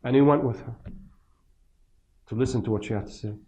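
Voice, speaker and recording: A man's voice: mid-range voice, fairly quick, mellow, a little hiss or hum. A man teaching a seminar audience in a mosque. He speaks conversationally, asks frequent rhetorical questions and acts out quoted speech. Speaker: religious teacher. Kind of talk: lecture commentary to a seminar audience.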